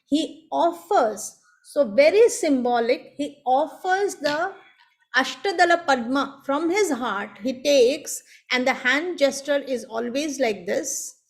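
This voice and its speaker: A woman delivers an academic seminar lecture with a high, light voice. She speaks slowly and deliberately, laying out each step in turn, as if over a video call. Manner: measured, explanatory, walks through steps one by one. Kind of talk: academic lecture on traditional performance.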